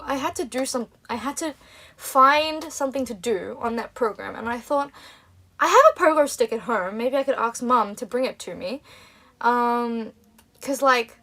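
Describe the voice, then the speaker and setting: A young woman hosting a livestream, telling a story casually to fans. She rambles, giggles often and acts out other people's lines. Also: high voice. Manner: animated and giggly, rambling with restarts. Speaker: livestream host.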